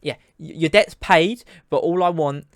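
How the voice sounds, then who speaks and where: A man voicing a greedy, pushy female tavern keeper who is proud of her cooking, loud and overexcited. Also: a little high, normal speed, smooth, dry recording, clean studio sound, voice pushed up, lightly acted. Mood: gushing, pushy.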